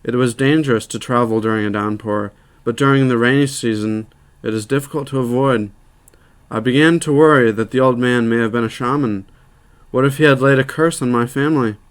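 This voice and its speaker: A man narrating a short story aloud in a measured, plain storytelling manner. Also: mid-range voice, smooth.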